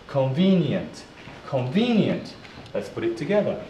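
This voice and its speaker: A man teaching pronunciation, spelling out letters and repeating words slowly as a classroom drill. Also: mid-range voice, lively intonation, a little mellow, highs cut off, slight background noise. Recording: roomy echo, voice from a distance.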